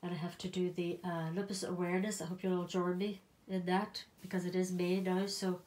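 A middle-aged woman from Northern Ireland with a Northern Irish accent, out of breath, chatting casually to camera and drifting into soft half-whispered asides. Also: on the low side, level tone, a little fast. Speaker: vlogger.

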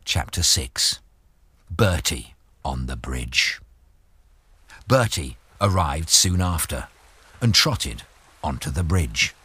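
A man reading a children's storybook aloud slowly and expressively. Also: very deep voice, expressive, slightly rough, dry recording. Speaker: storybook reader. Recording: loud music under the voice. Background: loud music.

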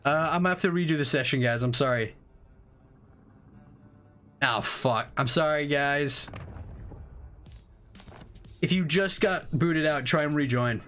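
A young man hosting a live game stream, chatting casually, excitable and swearing freely with rambling restarts. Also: on the high side, a little slow, pauses often.

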